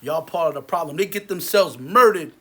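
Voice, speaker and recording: A man and movie theater owner ranting angrily to camera, heated and repetitive, his voice sinking low and quiet between outbursts. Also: expressive, a little fast, breathy edge. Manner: repetitive, many restarts. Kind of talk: angry rant to camera.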